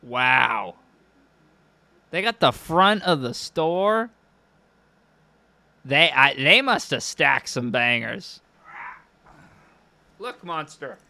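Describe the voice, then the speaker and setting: Bright-voiced young man, profane and sardonic. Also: high-pitched, dry recording. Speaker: streamer. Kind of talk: casual stream commentary.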